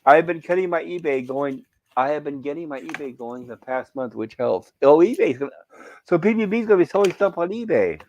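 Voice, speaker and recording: A man's voice: fairly high pitch, lively intonation, brisk, darkish tone, lo-fi sound, a little hiss or hum. A man chatting casually on a game stream, rambling, with many restarts and asides, reading out viewer comments.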